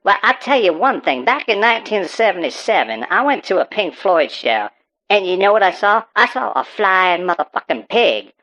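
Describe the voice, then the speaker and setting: Pitch swings widely in this bright, forceful, mid-range delivery at normal speed. The actor voices a paranoid country farmer on a call-in program, ranting with stammers, tangents and swearing about super pigs. Sound quality is muffled and dull.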